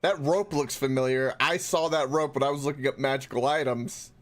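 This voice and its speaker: A man's voice: medium pitch, fairly quick, soft background music. A man playing a tabletop game, making playful joking asides. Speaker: player. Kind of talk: casual game chat.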